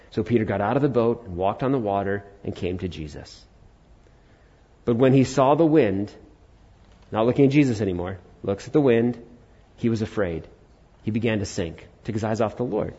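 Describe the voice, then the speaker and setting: Male pastor, conversational sermon, husky voice, muffled audio. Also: fairly low pitch, normal speed, mellow. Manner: conversational preaching, acts out quotes.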